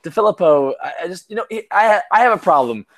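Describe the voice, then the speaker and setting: A man's voice: high voice, animated, quick pace, fairly bright tone. A tipsy man co-hosting a sports chat, rambling, profane, full of stammered restarts. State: tipsy from drinking. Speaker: podcast co-host.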